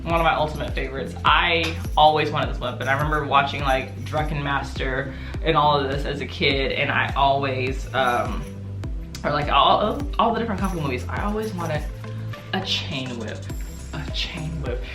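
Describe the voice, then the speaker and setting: Low-pitched American woman, relaxed and rambling, recorded in a roomy space. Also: normal speed, music in the background. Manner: chatty, laughing, many fillers and restarts. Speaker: martial arts vlogger. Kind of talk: casual show-and-tell vlog.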